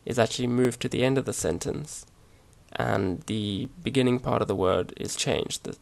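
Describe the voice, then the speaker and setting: A man explaining grammar over his slides in a relaxed, hesitant way, with many fillers and restarts. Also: medium pitch, moderate pace, gravelly. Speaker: language teacher. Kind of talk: casual slide-based language lesson.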